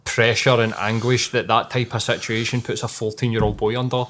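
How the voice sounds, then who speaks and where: A man's voice: medium pitch, level tone, brisk, a bit bright. A Scottish man hosting a casual podcast chat, speaking in an earnest, reflective way with plenty of swearing.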